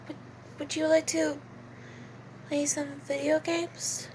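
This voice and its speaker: A woman voicing a quiet, cheerful gamer girl who speaks softly and hesitantly. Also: level tone, takes it slowly, slight background noise. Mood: shy. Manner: soft, low-key, hesitant.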